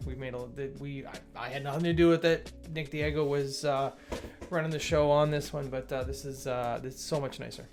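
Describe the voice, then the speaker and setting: A man's voice: a little high, fairly quick, a little mellow, faint music behind. A man hosting a casual livestream, reading changelog items aloud, greeting chat viewers and rambling with frequent self-corrections. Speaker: livestream host reviewing software updates.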